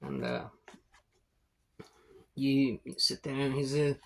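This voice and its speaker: Slow, rambling man running a game. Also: mid-range voice. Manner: rambling, laid-back, with fillers and swearing. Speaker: game master. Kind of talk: narrating a tabletop game.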